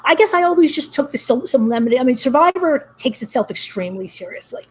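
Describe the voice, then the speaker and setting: A woman's voice: high voice, big pitch swings, quick pace, a little hiss or hum. A woman hosting a casual podcast, chatty and agreeable, often saying "right". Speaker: podcast host.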